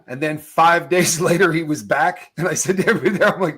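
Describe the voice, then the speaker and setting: A middle-aged podcast host tells stories in a casual chat with lively energy, laughing mid-sentence and using loose slang. His voice is fairly high for a man, fast, with a breathy edge.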